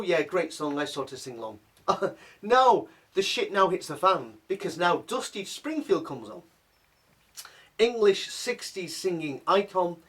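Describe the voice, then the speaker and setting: Chatty middle-aged man telling a story, high and lively. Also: far from the mic. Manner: chatty, animated, lots of restarts and asides. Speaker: vlogger. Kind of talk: casual personal storytelling.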